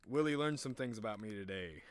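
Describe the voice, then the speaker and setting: A young man with a very deep voice, chatting casually on a live stream in a rambling, profane, animated way. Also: a little fast.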